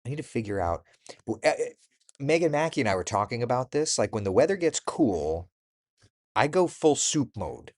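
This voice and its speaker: A man's voice: mid-range voice, very animated, normal speed. A man hosting a casual morning chat, reading out and reacting to viewer comments by name, with laughs along the way. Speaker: host.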